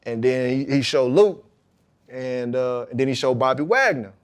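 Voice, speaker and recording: A man, a pro football player, talking as a podcast guest, telling his story about faith and football in a lively, emphatic way. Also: medium pitch, moderate pace, clean tone. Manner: emphatic, animated retelling with acted-out quotes.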